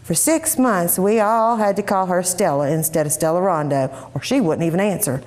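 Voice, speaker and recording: A woman giving a lively, expressive first-person reading of a short story. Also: lowish voice, normal speed. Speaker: reader.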